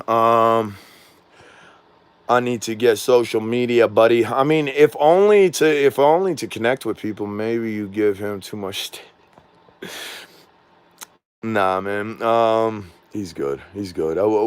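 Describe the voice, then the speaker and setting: Low-voiced rambling man vlogging at home. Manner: rambling, loses his train of thought, slangy. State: says his voice is not normal. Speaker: drone vlogger. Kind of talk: rambling casual vlog. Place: at home indoors.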